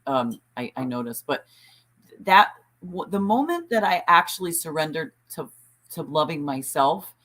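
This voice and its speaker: A woman with a fairly low voice joins the chat over a lagging remote call. She speaks candidly and tells her story, often restarting and repeating phrases. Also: expressive, unhurried, fairly bright tone. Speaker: podcast co-host. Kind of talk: casual chat. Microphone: remote call with delay.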